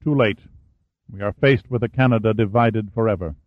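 A man voicing a grave French-Canadian prime minister who speaks calmly and measuredly. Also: on the low side, no room sound, lightly acted. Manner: calm, measured. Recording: phone-like narrow band, dry.

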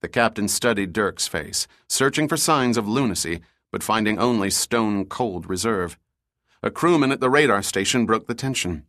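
A man narrating an audiobook thriller in a steady, measured storytelling manner. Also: lowish voice, no room sound, studio quality. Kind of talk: scripted narration.

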